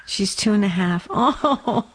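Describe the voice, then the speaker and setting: Woman host of a faith call-in show, effusive, encouraging, mid-pitched. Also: animated, slow pace, husky. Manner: affectionate, encouraging, effusive praise.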